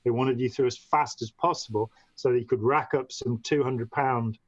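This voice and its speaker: A mid-range male voice, steady in tone and normal in speed, comes through dull, dry, lo-fi audio. The speaker, a podcast guest who was once in a movement, tells a long story in conversation, restarting and rambling with frequent "you know."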